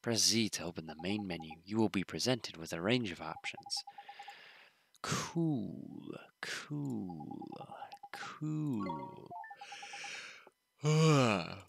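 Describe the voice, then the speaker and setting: Low-voiced young man playing a game. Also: brisk, hardly any pauses, fairly bright tone, husky. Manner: rambling, joking asides. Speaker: gaming video host. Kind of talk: casual let's-play commentary.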